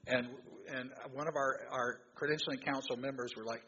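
A man's voice: mid-range voice, steady tone, a little fast, pushed and bright. A man preaching a sermon to a congregation, talking conversationally, quizzing the audience and often restarting his sentences. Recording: long hall reverb, dull lo-fi sound, faint noise.

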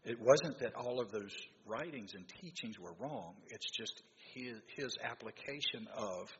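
A man's voice: fairly low pitch, pushed and bright. A man preaching a sermon to a congregation, talking conversationally, quizzing the audience and often restarting his sentences. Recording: long hall reverb, dull lo-fi sound, faint noise.

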